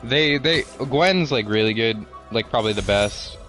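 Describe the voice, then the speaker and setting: A man's voice: medium pitch, lively intonation, normal speed, a bit bright, soft background music. A man casually recapping a show as a podcast co-host, rambling and repeating his words, with some swearing.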